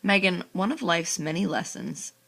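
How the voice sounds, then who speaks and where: A woman's voice: lowish voice, expressive, normal speed, creaky, a bit bright, slightly rough, heavily acted, poor audio. Woman reading as a patient lecturing dad. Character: gently lecturing middle-aged dad, calm and patient.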